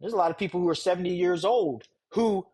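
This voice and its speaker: A young man teaching a live sales course, blunt and conversational, deliberately changing his pace and tone to make his points. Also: high voice, mellow, husky. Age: young adult. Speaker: sales coach.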